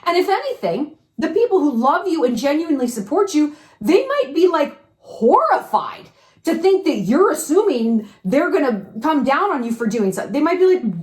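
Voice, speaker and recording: Woman, advice vlogger, frank, swears freely, lively swooping pitch, echoey room. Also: moderate pace. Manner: frank and animated, swears freely, fires rhetorical questions. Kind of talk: casual advice monologue.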